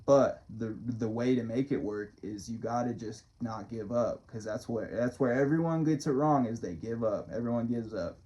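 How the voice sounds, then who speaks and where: A man talks through a casual motivational monologue in a mid-range, mellow voice. He rambles, swears and chuckles along the way. The recording has a dull, lo-fi edge. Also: medium pitch, normal speed, few pauses. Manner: loose, profane, chuckling often. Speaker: motivational vlogger and musician.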